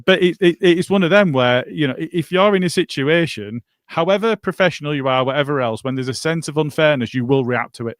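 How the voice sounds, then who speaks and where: A man who is a regular guest on a football podcast, talking in casual chat and making his point with measured restarts. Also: a little high, no room sound, studio quality.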